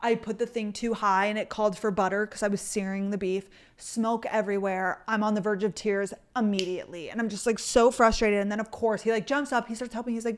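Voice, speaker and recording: A woman in her twenties hosting a casual solo podcast, talking fast and loose with lots of "like" and the odd swear word. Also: mid-range voice, fairly even intonation. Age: 20s. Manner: chatty, fillers of "like", casual swearing. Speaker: podcast host.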